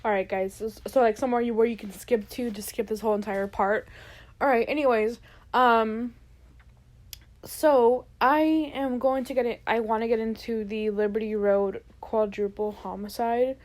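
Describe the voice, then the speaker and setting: Young woman host, slightly high voice, loose rambling vlog talk full of ums. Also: steady tone, normal speed, a little mellow. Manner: rambling, filler-heavy, earnest. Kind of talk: casual vlog chat.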